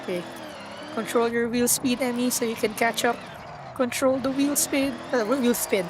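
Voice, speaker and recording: A young woman streaming a driving game, excitable and stammering, often squealing and laughing as she drives. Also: fairly high pitch, moderate pace. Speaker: automotive VTuber streamer. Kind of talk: live gaming stream commentary. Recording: car engine noise behind.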